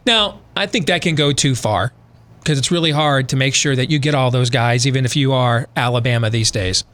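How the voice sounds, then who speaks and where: A man's voice: mid-range voice, brisk, a bit bright. A man hosting a talk radio show, talking through a conversational monologue full of rhetorical questions, then reading an ad.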